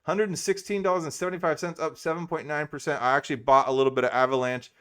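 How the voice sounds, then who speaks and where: A man's voice: on the high side, steady tone, fast, fairly bright tone, smooth. A middle-aged man hosting a casual crypto vlog, rambling with many fillers and self-deprecating laughs.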